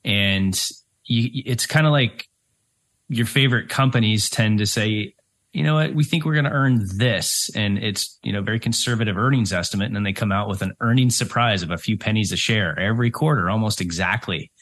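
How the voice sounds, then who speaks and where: A man's voice: lowish voice, a little fast, a bit bright. A middle-aged man, a financial planner co-hosting a radio show, who explains things step by step and checks in with "right?". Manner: explains step by step, with many ums and "right?" asides.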